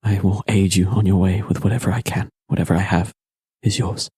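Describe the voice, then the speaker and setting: A man's voice: low voice, level tone, fairly quick, dark tone, husky, no echo, studio quality. A man voicing Mistress Eowyn, a solemn woman leader. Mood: weary. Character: grave merciful woman leader, calm and resolute.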